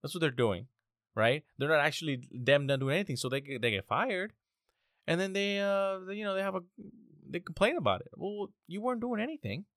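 A man's voice: fairly high pitch, lively intonation, a little fast, a bit bright, dry recording, clean studio sound. Exasperated young man ranting casually. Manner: exasperated, profane, rambling with restarts.

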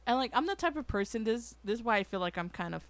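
A woman's voice: a little high, fast talker, no room sound. A woman chatting casually on a podcast, telling school stories and acting out other people's lines. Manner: animated, acts out quoted voices, swears casually. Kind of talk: casual storytelling chat.

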